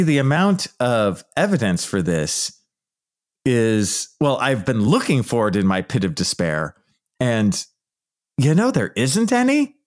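Animated, playful male podcast host. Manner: playful, self-mocking, jumps into high mock voices. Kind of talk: solo comedic podcast monologue.

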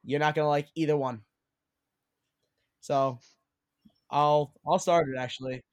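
A man's voice: on the high side, steady tone, a little slow. A young adult man hosting a casual sports podcast, talkative and steering the discussion with bold picks. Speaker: podcast host.

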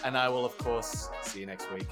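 A man's voice: mid-range voice, steady tone, a little fast, loud music behind the voice. A man co-hosting a podcast in casual chat, laughing and incredulous as he talks. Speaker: podcast co-host.

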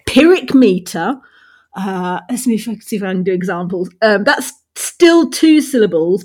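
A woman's voice: medium pitch, a little mellow. A woman, co-hosting a podcast and explaining poetry in a playful, teacherly way. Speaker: podcast co-host. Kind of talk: casual chat.

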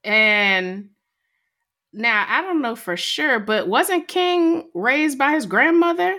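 A woman's voice: high voice, animated, slow pace, sharp tone. Chatty woman co-hosting a podcast. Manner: chatty, storytelling, laughs along. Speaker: podcast co-host. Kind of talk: casual chat.

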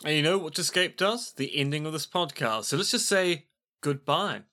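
Man with quick joking quips. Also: on the high side, sharp tone. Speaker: podcast host. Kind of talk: casual chat and scripted outro. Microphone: internet call.

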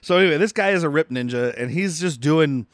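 A man's voice: on the high side, expressive, brisk, no room sound, clean studio sound. A man co-hosting a movie podcast in casual chat, laughing often and acting out lines from the film. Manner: laughs often, acts out quotes. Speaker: podcast co-host.

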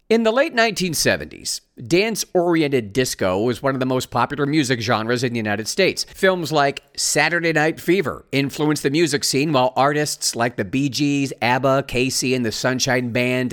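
A man's voice: on the high side, fairly bright tone. A man hosting a commentary show, reading news items aloud and mocking them with sarcastic asides. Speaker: host.

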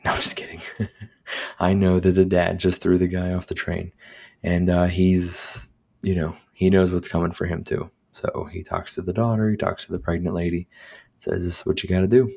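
This home podcast host, dog at his side, has a low, gravelly voice that is warm with a breathy edge. Alone at the mic, he reviews a movie casually, rambling and cursing through fillers and restarts.

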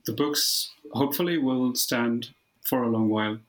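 A man's voice: mid-range voice, normal speed, low-quality recording. Hesitant male guest author. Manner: hesitant, many ums. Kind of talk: casual interview talk.

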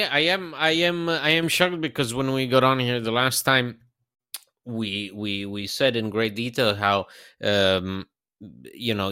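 A man's voice: lowish voice, pushed and bright, clear, resonant tone, no room sound, studio quality. A man co-hosting a casual podcast, teasing at times and earnest when explaining, often restarting his words. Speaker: podcast co-host.

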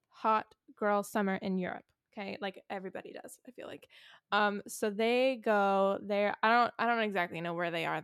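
A woman's voice: medium pitch, clear, resonant tone, no room sound, studio quality. A young woman co-hosting a podcast, telling a made-up story in a rambling, casual way full of "like" and "okay". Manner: rambling, filler-heavy storytelling, lots of "like" and "okay". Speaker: podcast co-host. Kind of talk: casual chat.

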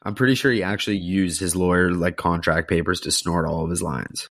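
A man's voice: low voice, steady tone, fairly quick, fairly bright tone, no echo. A man co-hosting a podcast, chatting casually with crude, teasing humor and plenty of swearing. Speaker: podcast co-host. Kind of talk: casual chat.

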